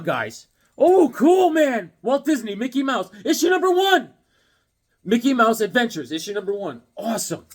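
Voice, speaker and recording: A man chats casually as a comic collector, throwing in dad jokes and long, rambling stories. His voice is husky and sits a bit high for a man, and it swings widely in pitch. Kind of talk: casual chat while unboxing comics.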